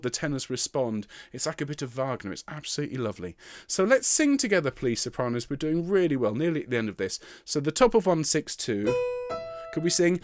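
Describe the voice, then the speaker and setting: A man's voice: a little high, very animated, fairly quick. A man leading an online choir rehearsal, encouraging and chatty, counting the singers in and singing phrases to demonstrate. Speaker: choir director. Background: piano.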